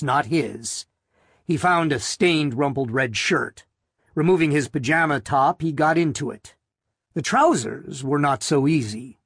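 A man's voice: mid-range voice, husky, no echo. Dry, close male audiobook narrator. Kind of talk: scripted narration.

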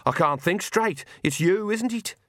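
Guy doing a worked-up young woman, high, blunt, dry sound. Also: expressive, a little slow, a bit bright, no room sound. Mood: agitated. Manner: agitated, blunt.

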